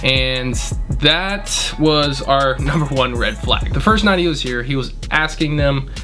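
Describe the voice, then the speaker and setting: A man's voice: medium pitch, expressive, unhurried, over music. A young man, a restaurant manager, telling a story in a blunt, indignant, casual way and swearing freely.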